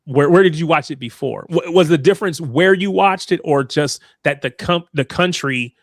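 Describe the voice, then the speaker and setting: A man's voice: a little high, normal speed, no echo, clean studio sound. A man from the United States in a casual football chat, curious and asking lots of questions.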